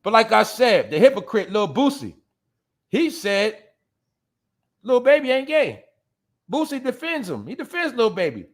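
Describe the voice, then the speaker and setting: A man's voice: sits high, wildly swooping pitch, normal speed, a bit bright. A man hosting a show, delivering blunt, profane commentary, calling out to his listeners as y'all and laughing at his own jabs. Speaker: show host. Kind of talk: ranting commentary.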